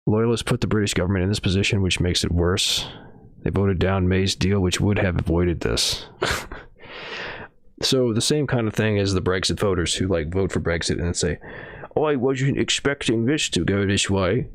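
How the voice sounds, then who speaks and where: A man's voice: low-pitched, moderate pace, dry recording, studio quality. A man streaming casual news commentary at home, rambling and swearing, with many fillers and hedges. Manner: rambling, profane, hedging with fillers.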